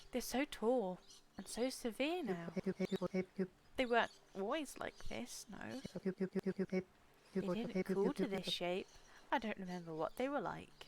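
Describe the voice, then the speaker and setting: A gentle little rock creature speaks softly and wistfully, as a woman reads it out in a cozy game. The voice stays plain and close to everyday talk. A faint noise sits in the background. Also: mid-range voice, creaky.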